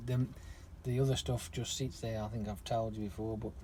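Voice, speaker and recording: A man, swearing constantly as he rants through an animated story to his vlog viewers. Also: lowish voice, normal speed, slight background noise. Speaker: lorry driver vlogger. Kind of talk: casual rant to camera.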